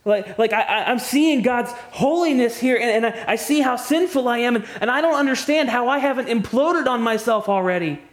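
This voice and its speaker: A man preaching a sermon, moving between hushed, quiet passages and loud, impassioned ones, often restarting his words. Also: extremely high pitch, brisk, hardly any pauses. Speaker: pastor.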